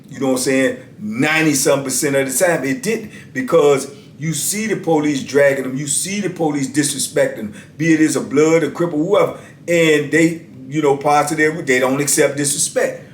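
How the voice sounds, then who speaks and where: A man's voice: mid-range voice, echoey room, slight background noise. A man casually telling a story from his years in prison, acting out voices of guards and inmates as he goes.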